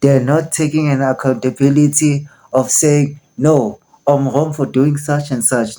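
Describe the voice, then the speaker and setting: A woman's voice: a bass voice, steady tone, measured pace, few pauses, mellow. A woman giving exasperated, profane reaction commentary, repeating herself as she rants. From South Africa. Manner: exasperated, repetitive, swearing.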